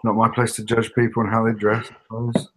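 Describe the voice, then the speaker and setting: A man's voice: on the low side, monotone, fast, fairly bright tone, a little hiss or hum. A British man co-hosting a casual podcast, dry and teasing. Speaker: podcast co-host. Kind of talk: casual chat.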